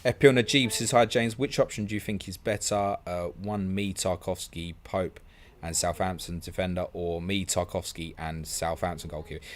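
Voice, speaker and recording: A man hosting a live stream, reading out viewer questions and answering them in quick, chatty bursts. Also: low voice, steady tone. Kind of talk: fast casual live-stream Q&A.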